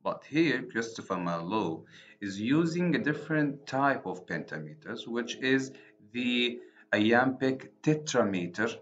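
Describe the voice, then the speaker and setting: A man with an Arabic accent, a native Arabic speaker, giving a university literature lecture, deliberate and repeating and rephrasing his points. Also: medium pitch, expressive, fairly bright tone. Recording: dull lo-fi recording.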